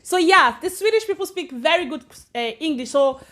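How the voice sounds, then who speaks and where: Woman from Africa, high voice, friendly livestream host who chats and greets her viewers by name. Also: expressive, normal speed, fairly bright tone. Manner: chatty, greets viewers by name, switches between English and Swedish. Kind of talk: casual livestream chat. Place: home in Sweden.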